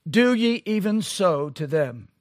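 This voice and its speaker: Brief: high-pitched male preacher, slow and deliberate, pressing rhetorical questions, dry close sound. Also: big pitch swings, no room sound. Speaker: pastor. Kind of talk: sermon.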